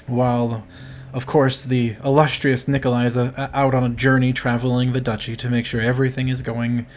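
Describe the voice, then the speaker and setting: A man's voice: medium pitch, level tone, normal speed, slight background noise, close to an everyday voice. A man playing a wry, teasing noblewoman sister. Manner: dry, wry needling. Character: sly teasing noblewoman sister, female adult. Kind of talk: tabletop role-play character voice.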